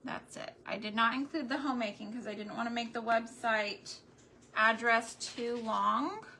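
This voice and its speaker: A woman's voice: fairly high pitch, bright, forceful tone, slight background noise. A woman from New Mexico with a light Texan accent, chatting casually and folksily as she paints on her homesteading channel. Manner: chatty, folksy, slow and drawn out. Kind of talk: casual chat while painting.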